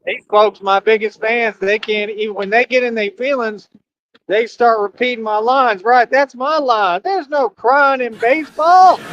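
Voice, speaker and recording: A man's voice: very high voice, fairly bright tone, a little hiss or hum, poor audio. A man hosting a casual livestream, laid-back and teasing, repeating his phrases and laughing often. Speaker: livestream host.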